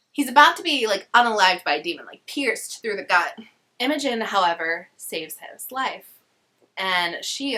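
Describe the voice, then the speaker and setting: A woman's voice: mid-range voice, bright, forceful tone. A young woman casually summarizing a novel in a chatty, sarcastic way with slangy asides. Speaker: book vlogger.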